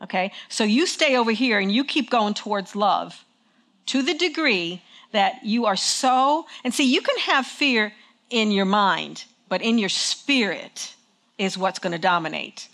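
A woman's voice: mid-range voice, expressive, unhurried, fairly bright tone. A woman preaching a sermon in a conversational way, checking in with her congregation and leading them in call and response. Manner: conversational, engaging the congregation with frequent "okay?". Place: church with congregation.

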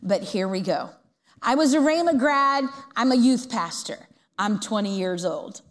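A middle-aged woman preacher telling a long, lively story in a church and asking the congregation questions. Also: a little high, a little slow, in a large hall. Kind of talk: storytelling sermon.

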